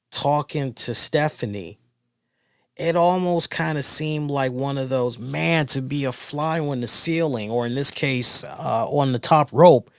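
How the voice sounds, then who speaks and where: A man of middle pitch talks through a wrestling show review in a loose, rambling way, circling back and restarting his sentences with plenty of fillers. The sound is dry and close, with no room around it. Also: dry recording. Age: older adult. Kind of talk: casual solo review.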